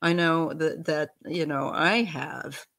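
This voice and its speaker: A woman hosting a casual livestream chat, gentle and unhurried, reading viewer comments aloud. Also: low-pitched, fairly even intonation, vocal fry. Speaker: host.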